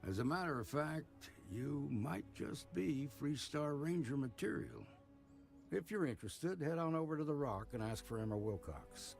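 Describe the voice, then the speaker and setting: A gravelly frontier lawman. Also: fairly high pitch, sing-song, moderate pace, darkish tone, soft background music. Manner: folksy drawl, dry compliments. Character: gruff frontier lawman, proud and approving. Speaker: lawman character in a game. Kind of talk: game voice acting.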